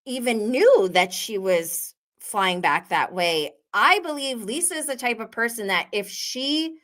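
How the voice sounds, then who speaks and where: A woman's voice: a little high, lively intonation, a little slow, a bit bright. A young woman hosting a live show, chatting and giggling as she recaps reality TV and reads viewer comments aloud. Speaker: host.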